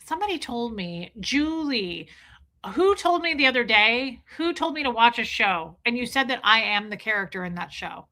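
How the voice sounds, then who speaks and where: A woman's voice: on the high side, sing-song, normal speed, bright, forceful tone. A woman live streaming in casual chat, gushing and rambling as she answers viewers' comments. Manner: gushing, enthusiastic, rambling with restarts.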